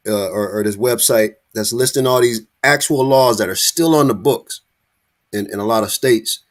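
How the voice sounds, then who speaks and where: A podcast host commenting on a video in a casual way. He gets excited and breaks into laughs, calling out to his co-hosts. His voice sits in the middle range. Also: mid-range voice. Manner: excited, laughing, repeats "hey" and "look".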